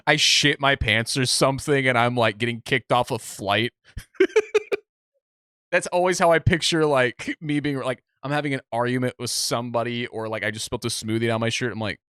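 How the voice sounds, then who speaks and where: A young man co-hosting a casual podcast, telling animated stories and acting out what other people said. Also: mid-range voice, normal speed, smooth, dry recording, studio quality. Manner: animated storytelling, acts out other people's lines. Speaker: podcast co-host. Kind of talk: casual chat.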